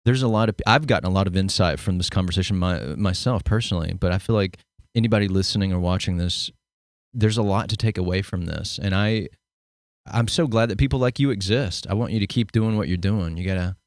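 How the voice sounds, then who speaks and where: Playful low-voiced man hosting. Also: brisk, no room sound, clean studio sound. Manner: playful, encouraging. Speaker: podcast host. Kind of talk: podcast interview.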